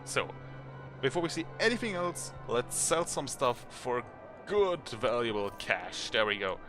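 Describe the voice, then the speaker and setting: A man's voice: medium pitch, very animated, a little slow, over music. A man commenting on a game as he plays it and reading its text aloud, chatty and thinking aloud. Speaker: let's play host.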